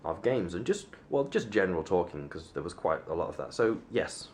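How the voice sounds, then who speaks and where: A man's voice: low-pitched, very animated, a little fast, darkish tone, slight background noise. A young man chatting to camera in a casual vlog, rambling and self-mocking, with plenty of fillers and restarts. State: sunburnt. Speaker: vlogger.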